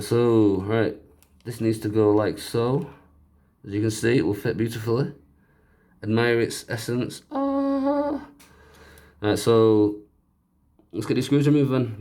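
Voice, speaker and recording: A man's voice: lowish voice, mellow. A man narrating a home repair video in a chatty, joking way, making fun of himself as he works. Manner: chatty, joking, self-mocking aside-talk. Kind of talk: casual narrated repair tutorial.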